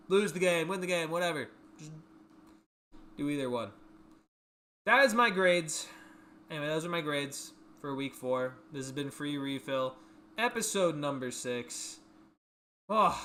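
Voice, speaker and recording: A young man hosting his own livestream show, rambling and excitable, repeating himself as he rants. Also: a little high, a little hiss or hum. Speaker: show host. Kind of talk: casual solo livestream rant.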